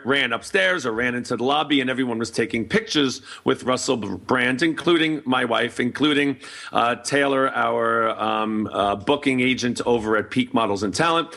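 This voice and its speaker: A man's voice: mid-range voice, bright, forceful tone. A middle-aged man hosting a casual talk show, telling a rambling story full of fillers and restarts. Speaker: host.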